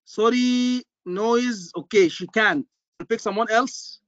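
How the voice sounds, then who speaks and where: A man teaching an online exam-prep class, lively, repeating points and checking in with his students. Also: high voice, slow, dry recording, dull audio. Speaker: medical exam tutor.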